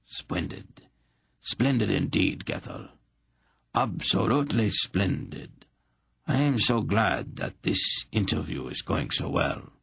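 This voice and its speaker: A man's voice: deep voice, very animated, slow pace, vocal fry, a bit bright, husky, full character voice. A man voicing an urbane, cruel emperor in an audiobook, speaking with silky, polite menace.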